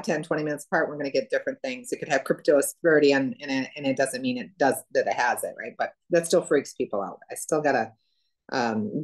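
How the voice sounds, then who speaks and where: A woman telling a client story in casual chat, acting out quotes with laughter. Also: rumbling low. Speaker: practitioner sharing a client story.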